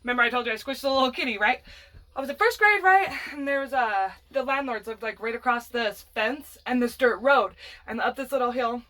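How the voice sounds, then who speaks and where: A woman with a high voice tells a personal story to her viewers in a loose, dramatic vlog style. She rambles, swears freely, and laughs her way through the telling. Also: brisk, sharp tone. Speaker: vlogger.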